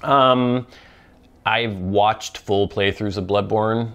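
A man's voice: on the low side, fairly even intonation, slow, fairly bright tone, clean tone. A man hosting a pipe-smoking talk show, rambling through viewer questions in casual chat, with frequent ums and restarts.

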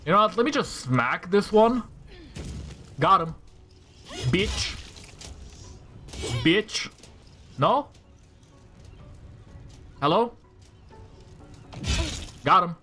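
A man narrates his own gameplay in a loose, profane ramble, cursing at enemies and complaining about missed attacks. His voice sits a bit high and leaps around a lot. He talks slowly, with a thin bed of faint music behind him. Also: big pitch swings, pushed and bright. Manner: profane, trash-talking enemies; talks to himself, reacting to rolls. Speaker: gamer playing a tactical role-playing game. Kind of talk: casual gameplay commentary.

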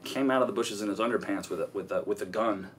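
A man telling stories as an interview guest, profane and rambling, with lots of halting restarts. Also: lowish voice, a little hiss or hum. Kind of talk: casual storytelling interview.

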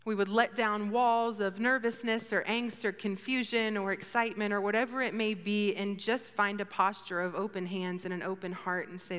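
Chatty young woman speaker in a reverberant hall. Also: medium pitch. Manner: lively and chatty, turning soft and slow in prayer. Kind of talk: faith talk to students. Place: auditorium with an audience.

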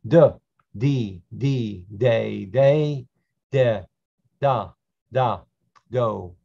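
A man teaching a slow Hebrew reading lesson, patiently repeating each syllable so learners can follow. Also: fairly low pitch, gravelly. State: clearing his throat. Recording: dull lo-fi sound.

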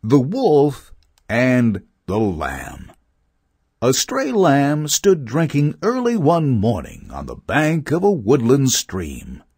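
A man reads fables aloud for children, slowly and with a very animated, swooping delivery. His voice is a bit husky and close, with a dry sound. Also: medium pitch, no room sound. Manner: slow, expressive reading. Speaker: narrator. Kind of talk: storybook narration of fables.

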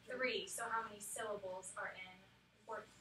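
A woman's voice: mid-range voice, steady tone, brisk, noisy background. A woman teaching a phonics lesson to a small group of children, coaxing call-and-response answers in an upbeat way. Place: classroom. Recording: echoey classroom from far off.

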